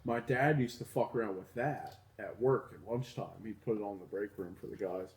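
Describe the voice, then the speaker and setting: A man's voice: lowish voice, brisk. A young man co-hosting a podcast in casual chat, laid-back and chatty, with lots of "like" fillers. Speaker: podcast co-host. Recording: roomy echo.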